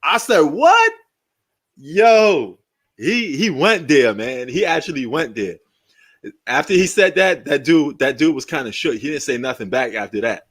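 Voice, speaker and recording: A man's voice: mid-range voice, expressive, normal speed, fairly bright tone, breathy edge. A man, casually commentating a basketball game live, rambling and joking and laughing often. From New York. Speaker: sports live-stream host.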